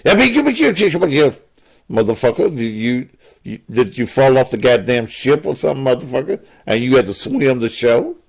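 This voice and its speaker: A man running a call-in show as a pastor. His pitch swings widely while he lectures callers in a combative, profanity-heavy way. The delivery sits at a middle pitch for a man. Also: very animated, normal speed, gravelly, husky.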